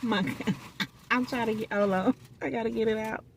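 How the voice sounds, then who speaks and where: A woman's voice: fairly high pitch, fairly even intonation, normal speed, vocal fry, slight background noise. A woman, chatting folksily to viewers while eating in her parked car, recorded on a phone. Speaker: food vlogger. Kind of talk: casual vlog chat while eating. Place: parked car in a restaurant parking lot.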